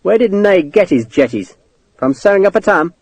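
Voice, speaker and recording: A man voicing a tough, rough-spoken English soldier who talks bluntly and swears. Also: high voice, lively intonation, moderate pace, a little mellow, dry recording, voice pushed up. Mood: gruff.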